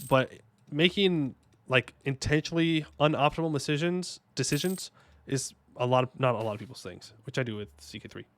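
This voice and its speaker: A man's voice: mid-range voice, brisk, fairly bright tone, no echo. A man streaming a strategy game, chatting casually and joking with his chat, humming little fanfares as he plays. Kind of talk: casual gameplay commentary. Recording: faint music behind voice.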